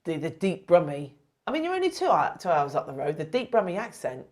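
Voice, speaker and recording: A woman co-hosting a podcast with a slight Dorset accent, bantering playfully with quick interjections. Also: sits low, very animated, a little mellow. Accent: slight Dorset English. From Dorset, England. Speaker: podcast co-host. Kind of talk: casual chat.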